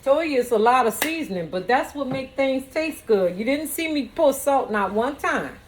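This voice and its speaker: A woman's voice: sits high, lively intonation, normal speed, slight background noise. A woman cooking in her home kitchen, chatting playfully and talking straight to her viewers. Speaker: home cook and vlogger. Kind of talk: casual cooking demonstration.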